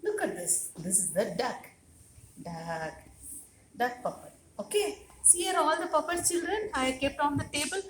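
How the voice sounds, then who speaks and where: A woman with a high voice leads a preschool class. She speaks in a sing-song, coaxing way and repeats each question to the children. Her voice echoes around a classroom over a faint background hiss. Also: animated, measured pace. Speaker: preschool teacher. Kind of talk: classroom teaching to young children.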